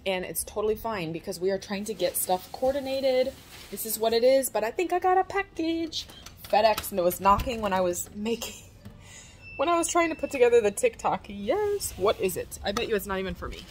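Excitable woman vlogger, chatty, talking to camera at home, phone mic, faint background hiss. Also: mid-range voice, brisk. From Florida, USA. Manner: chatty, excitable, talks straight to the viewer. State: out of breath. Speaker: vlogger and small business owner. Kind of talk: casual vlog talking to camera. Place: at home, indoors.

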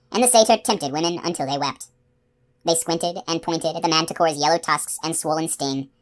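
A woman narrating a novel as an audiobook, with steady, expressive storytelling. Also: low-pitched.

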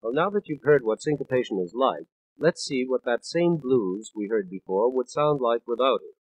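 Husky-voiced man explaining with lively inflection. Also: mid-range voice, moderate pace, no echo, poor audio. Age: 30s. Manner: explains patiently, counts out beats rhythmically. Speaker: lecturer on music. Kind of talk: scripted spoken lecture on an LP. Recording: 1950s studio record.

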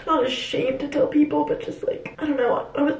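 A tearful young woman in her twenties speaks in a fairly high voice, halting and hesitant, stumbling through fillers and restarts. She sits back from the camera in a room with a noticeable echo. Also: steady tone, muffled recording. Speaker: lifestyle vlogger. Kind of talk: confessional vlog talk. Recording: roomy echo, from a distance.

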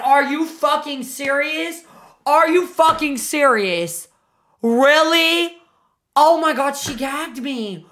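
A woman streamer chatting casually on a live reaction stream, excitable, swearing often and doting on her pets. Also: high-pitched, slow.

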